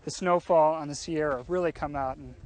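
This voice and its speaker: A man's voice: a little high, fairly even intonation, fairly quick, slight background noise. Patient man explaining a mountain forest. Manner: friendly, patient explainer, often agrees. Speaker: local forest guide. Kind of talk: explaining to an interviewer. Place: high mountain forest outdoors.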